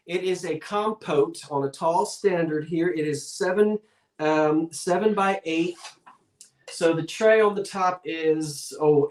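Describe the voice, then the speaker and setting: A folksy man hosts a live-streamed sale, chatting casually and rambling off on little asides. His voice sits somewhat high for a man. The sound rings with noticeable room echo. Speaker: live online auction seller.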